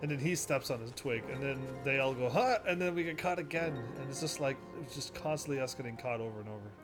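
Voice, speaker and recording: A man casually commentating while he plays a game, rambling and quick to laugh at it, with game music behind him. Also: medium pitch. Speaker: gaming video host. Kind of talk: casual let's-play commentary.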